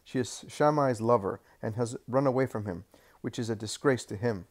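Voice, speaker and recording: A man's voice: mid-range voice, moderate pace, lightly acted. A man voicing a bombastic, arrogant temple scribe who speaks pompously. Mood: accusing.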